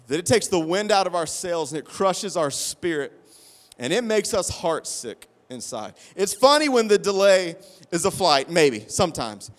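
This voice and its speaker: High-voiced man telling a funny sermon story. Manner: animated storyteller, self-deprecating. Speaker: preacher. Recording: long hall reverb.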